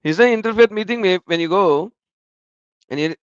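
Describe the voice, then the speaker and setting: A man's voice: sits high, moderate pace, clear, resonant tone, no echo, muffled recording. A man giving reaction commentary on video clips, emphatic and repeating words for stress.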